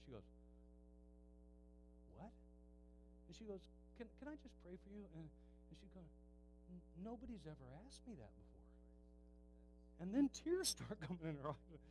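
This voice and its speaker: A middle-aged man preaching, telling stories in a hushed voice and then exhorting loudly. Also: high-pitched, poor audio. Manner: swings from hushed storytelling to loud exhortation. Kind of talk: sermon storytelling.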